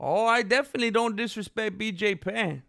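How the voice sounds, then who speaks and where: A man's voice: high-pitched, fairly quick, creaky, bright, forceful tone. A man hosting a casual livestream, joking around and reading out names from the chat. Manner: playful, joking, reads chat names aloud. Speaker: livestream host.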